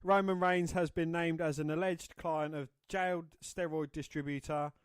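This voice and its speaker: A man's voice: a little high, steady tone, moderate pace, clean tone, no echo. A man co-hosting a casual podcast, eagerly giving opinions and reading news. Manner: eager, opinionated, says mate. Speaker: podcast co-host.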